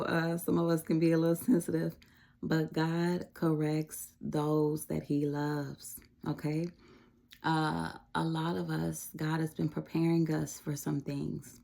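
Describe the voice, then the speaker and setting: Low, gravelly-voiced woman giving encouragement. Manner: conversational, reassuring, frequent fillers and soft laughs. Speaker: Christian devotional speaker. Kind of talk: casual devotional message.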